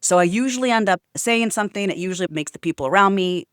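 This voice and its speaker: A woman's voice: medium pitch, animated, fast talker, clear, resonant tone, dry recording, studio quality. A woman telling a story to camera in a casual, outspoken rant. She swears freely and fills her talk with chatty asides. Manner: chatty with many fillers. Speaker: vlogger.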